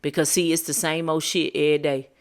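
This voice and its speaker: A woman's voice: sits low, little pitch movement, brisk. A woman hosting a podcast, giving a motivational monologue in a preachy, emphatic, slangy way. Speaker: podcast host.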